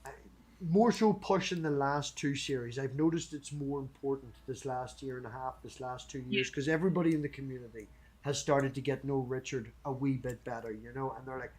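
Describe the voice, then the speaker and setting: A man's voice: mid-range voice, fairly even intonation, brisk, darkish tone, breathy edge. A man hosting a livestream, chatting casually in a blunt, sweary way. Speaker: stream host.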